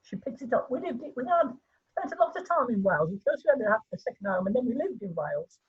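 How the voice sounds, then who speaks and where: A woman's voice: on the high side, big pitch swings, fast talker, husky. An older woman with a Birmingham accent, chatting reflectively as a participant in an online class over a video call. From Birmingham, England. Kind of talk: casual chat. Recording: dull lo-fi video call audio.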